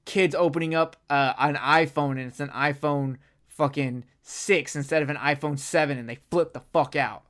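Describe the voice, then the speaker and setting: A podcast co-host in a casual film review chat, talking in an animated, profane and rambling way. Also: medium pitch, normal speed.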